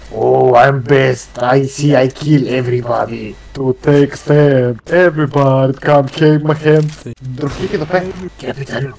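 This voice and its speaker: A man's voice: mid-range voice, vocal fry, a little mellow. A man trolling other players over in-game voice chat, crude and boastful in broken English. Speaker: gamer trolling online players.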